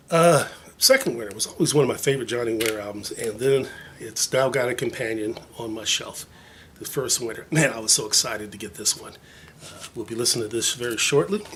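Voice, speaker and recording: A man's voice: mid-range voice, a bit bright, slight background noise. A man chatting casually to his viewers as he shows off records from his collection, rambling and joking at his own expense, with plenty of fillers. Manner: rambling, chatty, self-mocking, many fillers. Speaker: vinyl collector vlogger. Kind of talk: casual show-and-tell chat.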